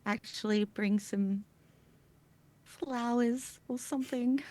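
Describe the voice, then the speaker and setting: A woman's voice: a little high, steady tone, slow pace, warm tone. A woman playing in a tabletop role-play game, rambling and unsure as she describes her actions. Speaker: player.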